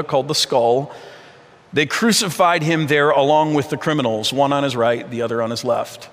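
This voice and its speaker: High-voiced man preaching in a reverberant hall. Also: fairly bright tone. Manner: earnest, conversational preaching with stammered restarts. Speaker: pastor. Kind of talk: sermon. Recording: long reverb of a large hall.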